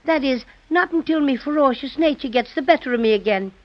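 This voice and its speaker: A tiny Irish teddy bear. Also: male voice, extremely high pitch, animated. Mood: friendly. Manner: sings a slow growling rhyme, then chats kindly. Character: tiny cheerful male teddy bear with a gruff Irish brogue. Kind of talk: 1930s radio acting. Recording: dull old radio recording.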